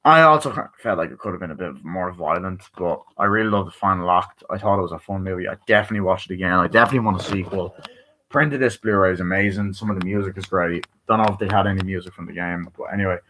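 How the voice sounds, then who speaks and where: A man's voice: sits low, fast talker, sharp tone, slight background noise. A tired man giving a rambling, casual movie review, swearing a lot and using many fillers.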